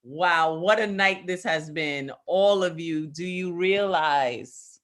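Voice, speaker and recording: A woman's voice: fairly low pitch, slow, fairly bright tone. A woman hosting an online open mic over a video call, gushing and emotional as she wraps up.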